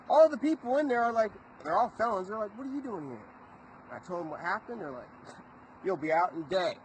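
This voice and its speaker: A high-pitched man talks straight to the camera in a rambling, agitated vlog, swearing as he goes. His voice is bright and edgy, with faint traffic noise behind him. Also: rough recording. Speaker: vlogger. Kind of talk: casual storytelling to camera.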